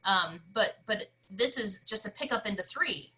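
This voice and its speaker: A woman's voice: medium pitch, lively intonation, moderate pace, pushed and bright, poor audio. A woman teaching an online music lesson, explaining rhythms and singing scat syllables to show them.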